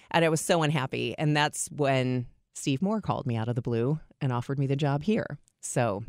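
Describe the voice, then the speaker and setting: A middle-aged woman, a radio host, telling her career story in a lively, self-deprecating way and acting out quoted lines. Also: fairly quick, few pauses, dry recording, studio quality. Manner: lively, self-deprecating, acts out quotes with big pitch jumps. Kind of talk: conversational interview storytelling.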